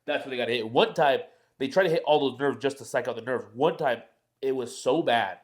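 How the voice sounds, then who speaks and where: A young man on a podcast, talking fast and loose. He rambles and swears freely, and he acts out the other people in his stories. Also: medium pitch. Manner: rambling and profane, acts out quoted voices. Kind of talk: casual chat, storytelling.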